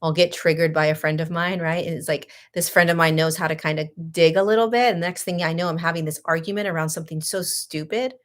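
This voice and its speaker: A woman hosting a casual talk, telling a personal story in an animated, laughing way that swings between loud and hushed. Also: low-pitched, fast talker, hardly any pauses. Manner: frequent 'like' and restarts, sarcastic. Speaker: host.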